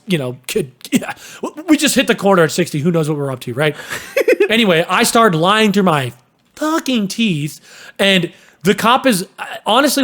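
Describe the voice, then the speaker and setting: A young man casually telling a story on a podcast, animated, cursing and acting out sounds and voices. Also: high voice. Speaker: podcast host.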